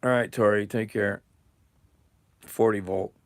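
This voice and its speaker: A man's voice: fairly low pitch, steady tone, a little slow, no echo. A man chatting casually on a livestream, rambling and chuckling as he reads viewer comments. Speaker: live streamer. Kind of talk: casual livestream chat while eating.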